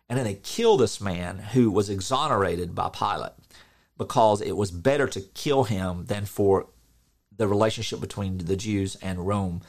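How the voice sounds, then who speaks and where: Here a middle-aged man with a fairly low pitch delivers an informal sermon, sincere and energetic, acting out quotations and laughing occasionally.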